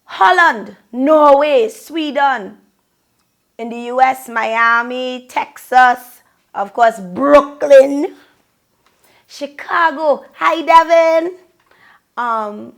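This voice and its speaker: Effusive Trinidadian woman, high gravelly voice. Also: fairly bright tone. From Trinidad and Tobago. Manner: effusive, sing-song, calling out places. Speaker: vlogger. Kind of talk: casual shout-outs to viewers.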